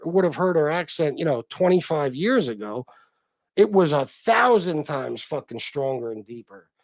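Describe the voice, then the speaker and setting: A man's voice: on the high side, a little mellow, no echo. A middle-aged man hosting a casual livestream, reading chat comments and talking in a blunt, profane, self-deprecating way.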